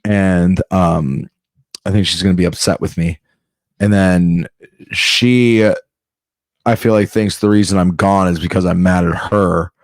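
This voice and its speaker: A man's voice: low-pitched, steady tone, measured pace, dry recording, clean studio sound. A man doing a rambling comedic monologue, often breaking off and restarting mid-sentence. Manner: rambling, self-interrupting, off-the-cuff.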